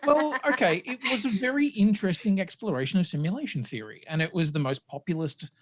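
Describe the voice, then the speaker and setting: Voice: medium pitch, animated, quick pace. Chatty podcast host. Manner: chatty, sweary, steering the talk. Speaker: podcast host leading the discussion. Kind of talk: casual film-review chat.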